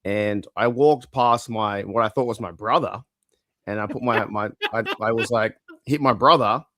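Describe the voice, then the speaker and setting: A man's voice: fairly low pitch, moderate pace, fairly bright tone, slight background noise. A man, co-hosting a podcast in casual chat, rambling through stories and swearing casually. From Australia. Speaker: podcast co-host.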